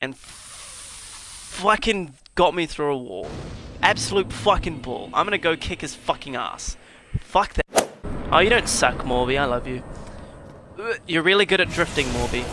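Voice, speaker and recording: A man streaming live gameplay, swearing often and shouting in frustration between bursts of laughter. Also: fairly high pitch, normal speed. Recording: noisy game-audio background.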